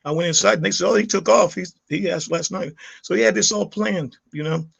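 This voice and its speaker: A middle-aged man tells his story straight to the camera for his channel, a vlog with no script. His voice is gravelly and sits a little high for a man, and he rambles and restarts, heated as he goes. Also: fairly quick, fairly bright tone. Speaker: YouTube vlogger.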